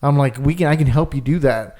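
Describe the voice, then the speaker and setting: A man's voice: mid-range voice, fairly quick, a little mellow. Young male podcast co-host, rambling casual storyteller, mid-range voice, loose and chatty. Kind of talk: casual chat.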